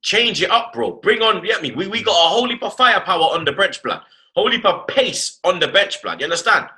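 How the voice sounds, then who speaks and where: Excitable man with bright voice. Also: high voice, quick pace. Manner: animated slangy talk, repeats "blood" and "you get me". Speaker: host. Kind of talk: casual football chat.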